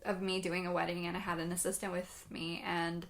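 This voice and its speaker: A woman's voice: lowish voice, monotone, fairly quick, gravelly. A young woman co-hosting a podcast in casual chat, bubbly, laughing often and swearing freely into a podcast mic. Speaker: podcast co-host. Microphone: podcast microphone.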